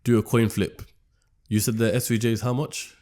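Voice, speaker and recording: Man, podcast host, laid-back, slangy, middle pitch. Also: level tone, fairly quick, dark tone. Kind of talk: casual interview chat and sign-off.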